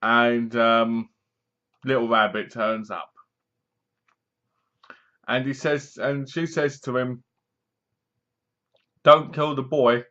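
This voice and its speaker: A man's voice: mid-range voice, little pitch movement, slow, long pauses, bright, forceful tone. A man giving a sarcastic, casual spoken review, often acting out lines in funny voices. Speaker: film reviewer. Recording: dull lo-fi sound.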